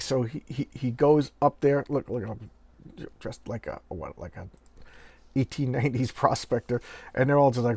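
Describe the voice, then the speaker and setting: A man's voice: medium pitch, normal speed, darkish tone, slightly rough, no echo. A middle-aged man casually talking through an old comic book, acting out dialogue in little bursts and correcting himself as he goes. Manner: chatty, acts out comic dialogue in bits, self-correcting. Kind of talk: casual show-and-tell chat.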